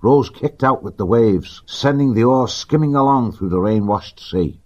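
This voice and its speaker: A man narrating an animal adventure audiobook in a steady, vivid reading. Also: mid-range voice, normal speed. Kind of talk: scripted storybook narration. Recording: dull lo-fi recording.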